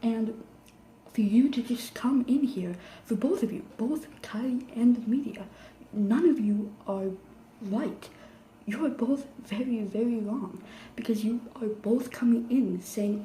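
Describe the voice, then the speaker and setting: A woman ranting to camera in a sarcastic, emphatic, lecturing way, her voice pitched a little high yet mellow in tone. The room around her is echoey, with a faint hum behind. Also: unhurried. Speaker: vlogger. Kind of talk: improvised rant to camera.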